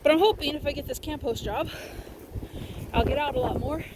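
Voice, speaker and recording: A woman chatting casually while walking her dog on a windy beach, a little out of breath, rambling and talking to her dog in a high, cooing voice. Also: fairly quick. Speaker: vlogger. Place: windy lakeside beach outdoors. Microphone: handheld camera. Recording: loud wind noise on the mic. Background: strong wind and lake water.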